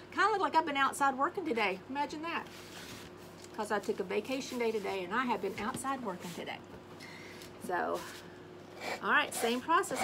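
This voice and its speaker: Brief: a woman host of a casual crafting video, slightly high pitched, chatty and sing-songy, with audible background noise. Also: gravelly. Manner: chatty, sings little scat tunes while working. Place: home craft space on an acreage.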